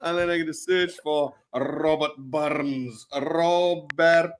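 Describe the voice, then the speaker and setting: A man co-hosting a live software lesson, playful and chatty as he demonstrates the steps. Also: a little high, fairly even intonation, slow. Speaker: co-host, design tutor.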